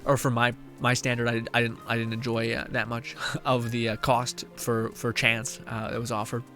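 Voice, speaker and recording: A man's voice: medium pitch, little pitch movement, normal speed, sharp tone, soft background music. A male streamer chatting casually and reading viewer messages aloud, tired and mentally drained, laughing often and swearing.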